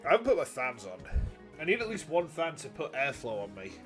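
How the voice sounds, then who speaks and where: A man's voice: mid-range voice, very animated, fairly quick, a bit bright, faint music behind. A man with a Yorkshire accent, chatting casually to viewers while playing a game, talking straight to them. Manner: chatty, talks directly to viewers. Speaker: streamer.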